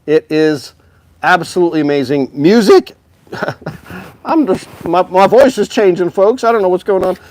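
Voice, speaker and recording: Chatting cheerfully and straight to his viewers about instruments, this man runs a casual sales livestream for a music store. He speaks at a normal speed in a high-pitched voice with a darkish tone.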